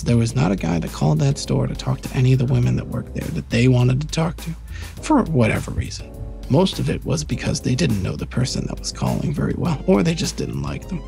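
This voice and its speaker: Gravelly man telling a rambling story. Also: medium pitch. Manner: rambling, animated storyteller with restarts. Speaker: podcast co-host. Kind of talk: casual storytelling chat.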